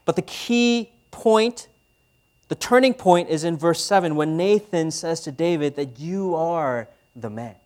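A man's voice: on the high side, expressive, unhurried, a little mellow. A man in his thirties preaching a sermon as pastor, speaking conversationally and asking the audience questions.

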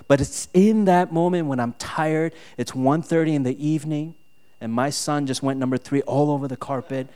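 Animated storytelling male pastor, clear voice. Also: fairly high pitch, normal speed. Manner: animated storytelling, rising to exasperated outbursts; frequent fillers and tag "right?". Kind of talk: sermon with personal story.

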